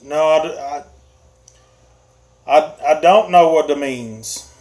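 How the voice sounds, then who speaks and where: Male streamer, slightly high pitch, unhurried casual delivery, laughs often while reading comments. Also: a little mellow. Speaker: livestream host reading chat. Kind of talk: casual live-stream chat.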